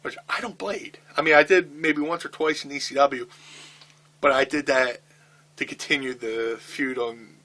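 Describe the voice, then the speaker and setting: A man's voice: medium pitch, normal speed. A middle-aged man telling a candid, profane backstage story in an interview, acting out what people said. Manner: profane, animated storytelling with acted-out quotes.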